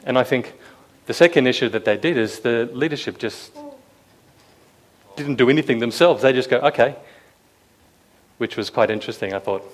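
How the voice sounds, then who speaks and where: A man's voice: mid-range voice, brisk. A man preaching a sermon to a room, talking conversationally, asking the listeners questions and acting out quoted lines with a raised voice. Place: room with a live audience.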